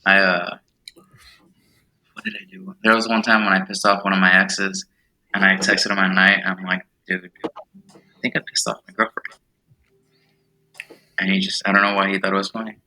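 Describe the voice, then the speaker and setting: Young male co-host, blunt, flat delivery, lowish voice with a sharp edge. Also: normal speed, pauses often, low-quality recording. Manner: flat, blunt, self-deprecating. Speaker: podcast co-host. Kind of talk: casual chat. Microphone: remote call.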